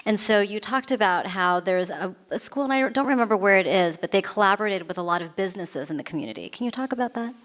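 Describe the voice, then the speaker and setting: A woman hosts a conversation on stage, asking the guest questions and restating his key points. Her voice sits at a middle pitch for a woman. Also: lively intonation, fast talker, few pauses, fairly bright tone. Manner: asks questions, sums up points. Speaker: interviewer. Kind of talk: onstage interview.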